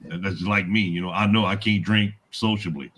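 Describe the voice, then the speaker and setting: Deep-voiced man chatting on a call. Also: moderate pace, a bit bright, breathy edge. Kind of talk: casual chat.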